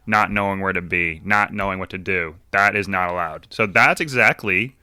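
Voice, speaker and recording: A lower-pitched man with a sharp, bright edge to his voice talks through a book in a casual podcast chat. He is animated and rambles, laughing easily. The sound is close and dry. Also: moderate pace, clean tone, no room sound. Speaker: podcast co-host.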